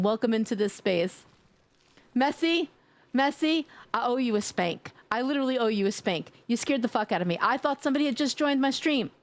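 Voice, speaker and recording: A young woman with a New York accent, chatting playfully on a live stream, joking, swearing and laughing often. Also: on the high side. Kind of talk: casual live-stream chat.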